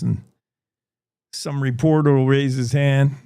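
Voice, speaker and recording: A man's voice: a little high, steady tone, normal speed, gravelly, darkish tone, clear, resonant tone, dry recording, studio quality. A man hosting a news show, joking and rambling with comic asides. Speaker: show host. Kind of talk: casual news commentary.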